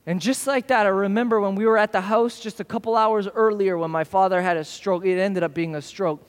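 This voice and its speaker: A man preaches a sermon to a church service, telling stories and slipping into the voices of the people he quotes. His voice sits fairly high, and it rings out with a long reverb from the hall around him. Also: brisk, few pauses. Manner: storytelling, acts out quoted voices. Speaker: pastor.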